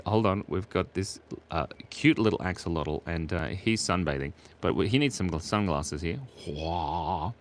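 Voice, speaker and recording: A man's voice: low-pitched, a bit bright, slight background noise. An Australian man chatting playfully with viewers while drawing on a live stream.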